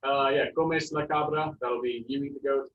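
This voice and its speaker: A man teaching a Spanish class, relaxed and jokey, with many fillers. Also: mid-range voice, normal speed, slight background noise. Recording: roomy, distant, muffled classroom sound.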